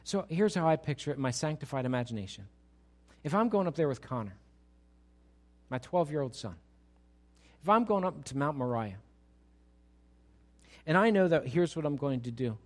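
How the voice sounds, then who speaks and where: Lively middle-aged male pastor preaching. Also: fairly high pitch. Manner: animated, rhetorical questions to the congregation. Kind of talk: sermon.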